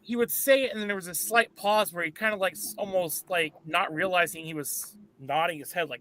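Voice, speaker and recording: A man's voice: high-pitched, brisk, few pauses, a crowd in the background. A man in a casual chat, recounting a story with hesitant phrasing.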